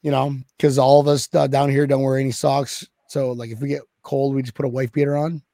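A man co-hosting a casual sports podcast, talking in quick, rambling bursts full of "like". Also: medium pitch, dry recording. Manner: rambling, excitable, lots of "like". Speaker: podcast co-host.

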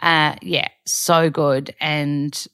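Casual vlogger, young woman, low-pitched, loose and chatty. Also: little pitch movement, very slow, a bit bright, smooth. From Australia. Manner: chatty, rambling, with many fillers. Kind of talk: casual chat.

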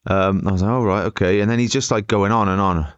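A man's voice: fairly low pitch, fairly even intonation, fast talker, clean tone, no room sound, highs cut off. A man in his thirties, co-hosting a podcast and telling rambling, laughing anecdotes in a casual chat. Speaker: podcast co-host.

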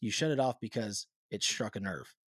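Male podcast host, animated delivery, dry close sound, hyped, profane. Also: fairly low pitch, normal speed, slightly rough, no echo. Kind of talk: casual conversation.

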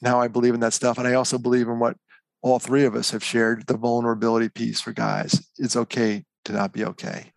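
Male interview guest, gravelly voice, dry close sound, candid, self-deprecating. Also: medium pitch, completely flat delivery, a little fast, dry recording. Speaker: guest speaker. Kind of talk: conversational interview.

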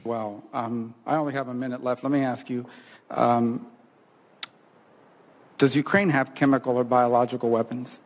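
A man's voice: medium pitch, little pitch movement, moderate pace, long pauses. A man questioning a witness at a hearing, asking direct, pointed questions. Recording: archive hearing audio in a reverberant room.

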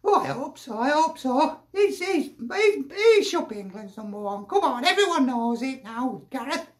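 A man voicing a squeaky, foul-mouthed football fan who cackles and swears gleefully. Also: big pitch swings, moderate pace. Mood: earnest. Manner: gleeful, sweary, cackling, full of tag questions. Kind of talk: comic character rant.

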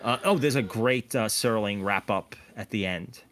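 A man hosting a podcast, recapping an episode in animated casual chat. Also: on the low side, normal speed, slight background noise. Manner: animated, recaps with acted-out quotes. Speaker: podcast host.

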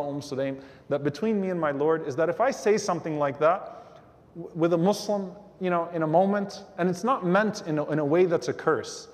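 A man with a somewhat high-pitched voice tells a story to an audience in a religious lecture. He brings it to life by slipping into the voices of the people he quotes. His words carry a long reverb from a large hall. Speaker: Islamic lecturer.

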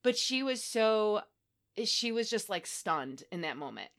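A woman co-hosting a podcast, telling a personal story in casual chat, animated and laughing often, with plenty of swearing. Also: mid-range voice, a little slow. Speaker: podcast co-host.

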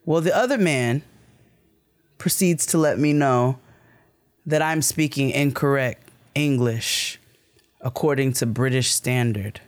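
A man telling a story in casual chat, animated and emphatic, swearing freely. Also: mid-range voice, takes it slowly, long pauses. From United States.

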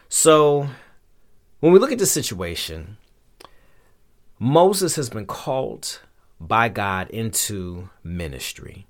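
Animated, slangy man teaching the Bible. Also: fairly low pitch, measured pace. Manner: colloquial, slangy, expressive, acts out quotes. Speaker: podcast host and Bible teacher. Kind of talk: casual conversational sermon.

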